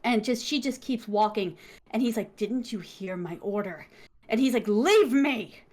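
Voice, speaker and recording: Woman putting on a hurt young prince, proud, weary, low pained groans, storytelling voice. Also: moderate pace, a little mellow, natural voice.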